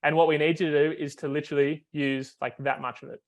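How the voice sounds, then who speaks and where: A man's voice: on the high side, level tone, quick pace, highs cut off. A man, a foiling coach, explains technique on a video call, step by step, with many fillers and restarts.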